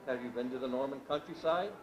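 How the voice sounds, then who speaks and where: A man's voice: medium pitch, quick pace, natural voice. A man voicing a wounded young stranger in a read-aloud story, formal and courteous. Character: wounded young male stranger, polite, groggy. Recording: echoey room with background noise.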